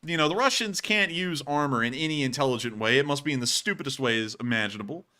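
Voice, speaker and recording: A man's voice: mid-range voice, pushed and bright, smooth. A man hosting a commentary show, talking casually over video clips in a joking, sarcastic way. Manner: joking, sarcastic, quick to laugh. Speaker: host of a war footage commentary show.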